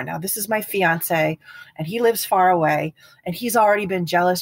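A woman in her fifties, a guest speaking about partner abuse in a casual podcast conversation, earnest and animated, acting out the people she quotes. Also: fairly low pitch, moderate pace, breathy edge, no echo. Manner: earnest, animated storyteller who acts out quotes.

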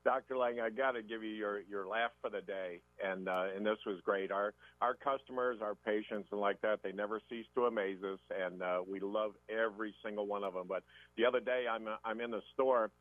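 A man's voice: fairly low pitch, steady tone, brisk, no echo. A man co-hosting a radio show, telling a folksy story and repeating "like that". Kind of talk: anecdotal radio chat. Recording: tinny phone line.

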